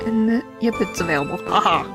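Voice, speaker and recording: A woman's voice: mid-range voice, animated, quick pace, over music. A woman streaming a game, chatting casually and playfully to her viewers. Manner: chatty, playful, talks to herself. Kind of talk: casual chat.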